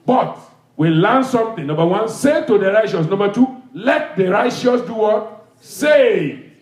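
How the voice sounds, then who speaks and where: A man's voice: high-pitched, expressive, measured pace, darkish tone. A male pastor preaching an emphatic, repetitive sermon with call-and-response, in a church hall.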